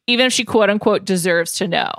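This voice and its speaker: A woman's voice: medium pitch, fast talker, no room sound, studio quality. A woman co-hosting a podcast, chatting casually and with strong opinions, who also reads the show's ads. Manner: lively, opinionated, emphatic. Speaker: podcast co-host. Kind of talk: casual chat and read ads.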